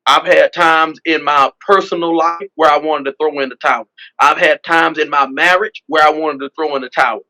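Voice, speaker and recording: A man's voice: a little high, fairly even intonation, normal speed, sharp tone, low-quality recording. A man, a pastor and politician telling his story in an interview with an emphatic, repetitive preacher cadence, often saying "man.". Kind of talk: testimonial storytelling.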